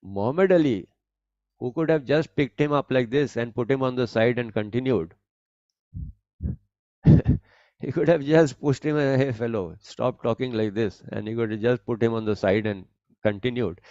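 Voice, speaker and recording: A man giving a spiritual discourse on scripture, speaking deliberately and explaining each point, often rephrasing as he goes. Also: mid-range voice, mellow, dry recording, dull audio. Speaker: spiritual teacher.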